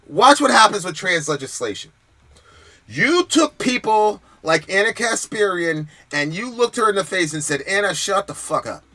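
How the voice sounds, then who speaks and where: Heated, forceful male political commentator. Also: high-pitched, big pitch swings, moderate pace. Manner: heated, profane, emphatic. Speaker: host.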